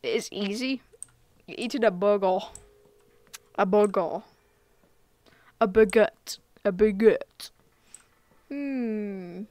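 Giggly woman streaming a game, slow-paced. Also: medium pitch, no echo. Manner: giggly, excitable, slangy, talks to viewers. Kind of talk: casual live gameplay commentary.

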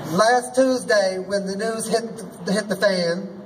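A man's voice: high voice, slow, recorded from a distance, heavy background noise. A man performing as a drag queen emcee, hosting a rally with a sassy, folksy manner and rallying the crowd. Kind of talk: rally speech. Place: outdoor rally.

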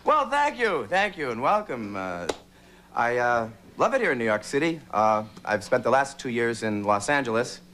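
Man from boston, stand-up comic, lively pitch, noisy old tv recording. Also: moderate pace. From Boston, Massachusetts. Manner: animated, does many character voices. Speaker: stand-up comedian. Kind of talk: stand-up routine. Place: TV studio stage with live audience.

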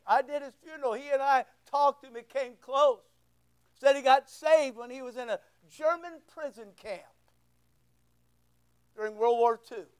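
Orta yaşlı erkek vaiz, tiz sesli, kilisede sohbet havasında vaaz veriyor. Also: male voice, very high-pitched, poor audio. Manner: conversational, repeats words, asks the room questions. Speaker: pastor. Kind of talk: sermon. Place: church.

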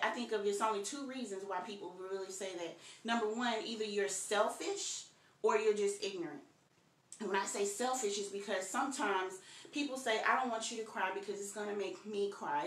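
A woman's voice: medium pitch, a bit bright, roomy sound. A woman teaching a virtual Bible study, preaching in an earnest, conversational way and repeating key phrases for emphasis.

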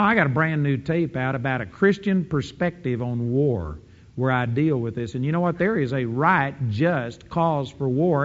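A man preaching a sermon, emphatic, breaking into quick offhand asides. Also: fairly high pitch. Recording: dull lo-fi sound with long hall reverb.

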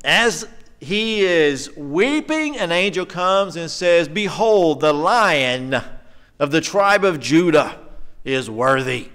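A man preaching a conversational sermon in a church, animated and chatty, often putting questions to the congregation. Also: on the high side. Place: church sanctuary.

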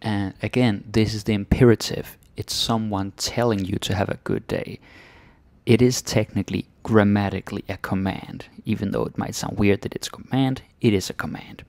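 A low, gravelly man with a Danish accent talks through grammar in a relaxed lesson, tossing in Danish tag words as he goes. The sound is dry and close, with no room around it. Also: moderate pace, no room sound. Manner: chatty, drops in Danish tag words and little laughs. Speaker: Danish teacher. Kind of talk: casual explanatory lesson.

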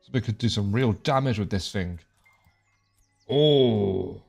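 Soft background music accompanies a young gaming video creator whose voice is lowish and brisk. Commentating his play casually, he cracks jokes and voices the game's dialogue out loud.

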